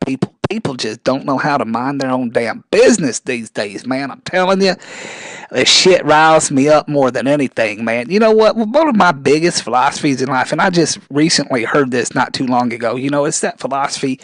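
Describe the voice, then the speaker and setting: A man's voice: medium pitch, dry recording, close to an everyday voice. A man playing a scrawny, rambling man from rural with thinning hair, who says "man" after every phrase and trips over his words. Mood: boastful. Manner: stumbles on words when talking fast; touchy, easily riled up.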